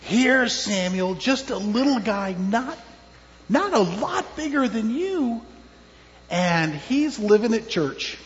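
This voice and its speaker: Animated high-voiced pastor telling children a story. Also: male voice, slow. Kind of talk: children's sermon. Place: church. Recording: dull with long church reverb.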